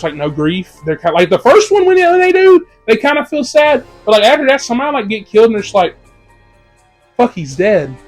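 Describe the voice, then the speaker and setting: High-voiced young man ranting about movies. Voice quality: profane, animated ranting. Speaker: movie reviewer. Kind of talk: casual ranked movie review.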